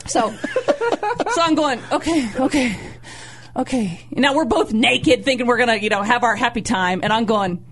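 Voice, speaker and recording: A woman co-host telling a funny personal story in casual chat, acting out her own panicked voice with high squeals. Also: moderate pace. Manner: animated, squeals in high pitch when acting out pain. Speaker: radio show co-host.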